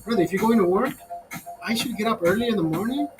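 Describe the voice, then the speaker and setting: A man's voice: sits high, quick pace, music in the background, low-quality recording. A man ranting casually to his viewers over a beer, profane and fired up, calling them brother. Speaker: host.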